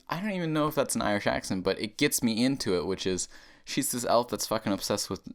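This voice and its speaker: A man's voice: mid-range voice, fast. A man hosting a comedy show, delivering a rambling, profane rant and often laughing at his own tangents. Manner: animated, profane, laughing at himself. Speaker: comedy podcast host.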